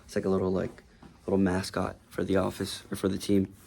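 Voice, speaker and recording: A man's voice: low voice, completely flat delivery, a little fast, vocal fry, a little mellow, slight background noise. A man who works as a real estate agent giving a casual, rambling tour of his office, talking loosely with many fillers. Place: office indoors.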